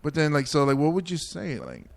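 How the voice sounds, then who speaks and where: Male podcast host, high and very lively, giggly and loose. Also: a little fast, gravelly. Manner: giggly, laughs constantly, animated. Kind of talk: casual comedy podcast chat.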